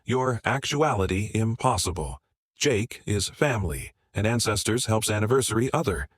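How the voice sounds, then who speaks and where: A man voicing a defensive, manipulative woman in a spoken story, with a sharp, insistent way of talking. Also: fairly low pitch, animated, moderate pace, no room sound, studio quality.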